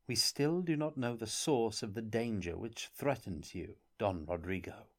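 A man voicing a mild, softly ironic young traveling player in an audiobook reading. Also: mid-range voice, animated, a little slow, close to an everyday voice. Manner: mild, soft-spoken, subtly ironic.

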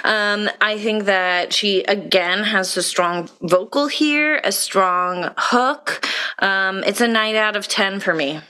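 Female podcast co-host, talkative and casual, leans on fillers, medium-pitched voice. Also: takes it slowly, sharp tone, smooth. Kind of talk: casual chat reviewing an album.

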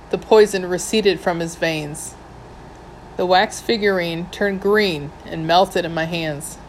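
Woman for first-person audiobook, wry delivery, lowish voice, faint hum in the background. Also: poor audio. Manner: wry, dry humour. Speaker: audiobook narrator.

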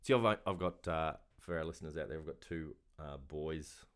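A man in his forties co-hosting a podcast, chatting and bantering with quick laughs. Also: rumbling low, fairly even intonation, clean tone. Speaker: podcast co-host and junior sports coach. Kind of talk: casual chat.

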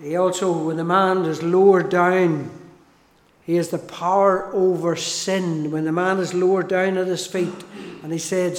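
Slow, high-voiced preacher in an echoey hall. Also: male voice. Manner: slow, emphatic preaching with repeated phrases and restarts. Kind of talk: sermon. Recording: echoey hall with long reverb.

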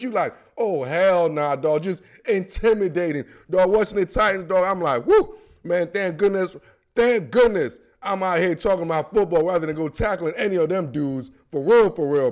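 A young man hosting a sports podcast, talking in a casual, slangy and excitable way. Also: fairly high pitch.

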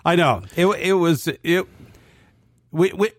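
A father co-hosting a casual sports podcast with his son, measured and agreeable, with hesitant restarts. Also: a little high, no room sound, studio quality. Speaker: podcast co-host, father of the other host.

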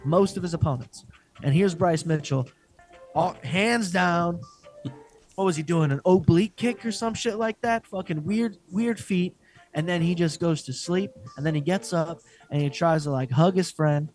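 A man's voice: a little high, normal speed, faint music behind. A man co-hosting a podcast, ranting and joking in casual chat with lots of swearing. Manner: profane, joking, excitable rants. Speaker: podcast co-host.

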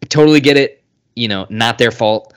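A man co-hosting a podcast in loose, unscripted chat. He talks animatedly, jumping into little acted-out quotes and cursing freely. His voice sits at an ordinary middle pitch. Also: fairly quick, smooth. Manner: animated, swearing, acts out quotes. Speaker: podcast co-host.

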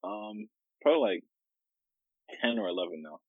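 A man joining a casual podcast from a distance, his voice dry and close with no room sound. He answers hesitantly, trailing off, while his pitch moves around a lot. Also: very animated, moderate pace, no echo, narrow, tinny audio. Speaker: remote podcast guest. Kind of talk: casual chat.

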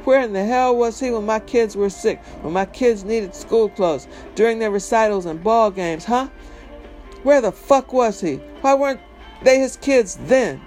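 A man's voice: high voice, measured pace, faint music behind. A man playing a furious cursing father. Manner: yelling, cursing, indignant. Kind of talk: memoir reading.

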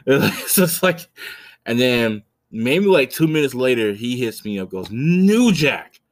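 A man's voice: mid-range voice, animated, measured pace. A man in his thirties hosting a podcast, telling a story casually with blunt, profane, rambling talk full of restarts. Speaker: podcast host.

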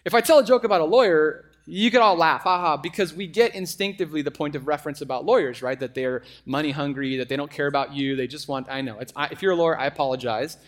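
A middle-aged man preaching a sermon, conversational and animated, with frequent asides to the congregation. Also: on the high side, fast talker, hardly any pauses. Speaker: pastor.

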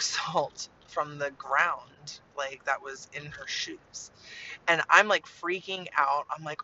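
A woman's voice: low voice, fairly even intonation, a little slow, bright, forceful tone, slight background noise. A woman sharing her faith in an earnest, casual way, with many "like"s, on a dull lo-fi recording. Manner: earnest, chatty, heavy use of "like".

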